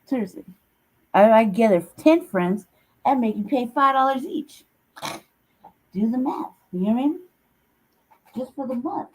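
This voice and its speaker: A woman's voice: a little high, lively intonation, a little slow, pauses often, a little mellow, slightly rough, low-quality recording. A woman hosting a casual livestream, talking bluntly with heavy swearing and bursts of laughter. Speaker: show host.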